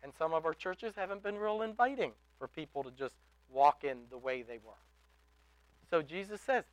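A male preacher delivers a sermon in a high, clear, smooth voice. He speaks emphatically, swelling to loud calls and falling back to soft asides. The sound is close and dry. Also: animated, normal speed, no echo, rough recording. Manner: emphatic, rising to loud exhortations. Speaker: pastor.

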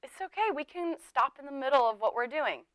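A middle-aged woman teaches a sermon in a chatty, conversational way, laughing often and acting out the people she quotes. Her voice is high-pitched, expressive and brisk, with no echo but a rough recording.

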